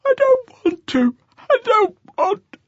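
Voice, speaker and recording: A terrified teenage boy who begs and cries out in strained high tones. The plea swings wildly up and down, full of panic. It sounds slightly dull and lo-fi, close and dry. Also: very animated, a little slow, slightly rough, no room sound, full character voice. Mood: panicked pleading. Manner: high-pitched, desperate, pleading cries. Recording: slightly dull lo-fi audiobook recording.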